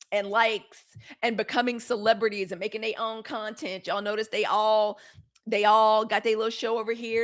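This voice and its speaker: A middle-aged woman hosting a live news commentary show, blunt and animated, swearing and answering viewer comments from the chat. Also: on the high side.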